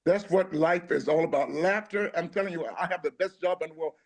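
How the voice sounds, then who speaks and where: A man's voice: a little high, brisk. Older joking comedian man. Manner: joking, warm banter, exaggerated. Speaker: comedian guest. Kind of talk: casual interview chat.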